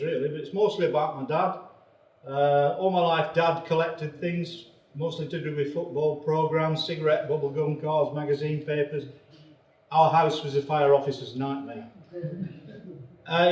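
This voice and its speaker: A man's voice: on the high side, a little mellow, highs cut off. Wry older man. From north of England. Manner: sardonic and mock-serious. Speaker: comic performer and poet. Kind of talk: wry stand-up storytelling. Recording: roomy, far from the mic.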